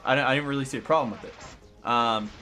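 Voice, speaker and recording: A man's voice: medium pitch, a little fast, sharp tone, soft background music. A young man giving casual, rambling commentary while he plays, opinionated but shrugging, with many fillers and restarts. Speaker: gaming streamer.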